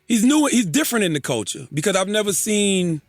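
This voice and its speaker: Laughing podcast co-host, dry close sound. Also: male voice, high voice, sing-song, a little fast, no room sound, soft background music. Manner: laughing often, loose banter, emphatic agreement. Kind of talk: casual chat.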